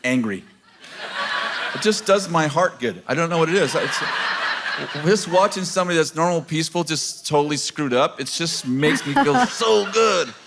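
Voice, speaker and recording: A middle-aged man cuts in with wry jokes from a church stage. His voice is fairly high, and clear noise sits around it in the hall. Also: animated, moderate pace. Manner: wry, joking asides. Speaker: pastor, husband chiming in. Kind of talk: joking sermon banter.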